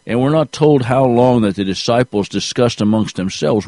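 A man preaching a sermon in a slow, deliberate way, rising to emphasis at key points. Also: medium pitch, dark tone, no echo.

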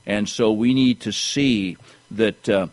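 A man's voice: slow pace, darkish tone, rough recording. A man preaching a sermon, reading scripture aloud and often repeating words as he restarts his thoughts. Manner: pitch jumps higher when pressing a point.

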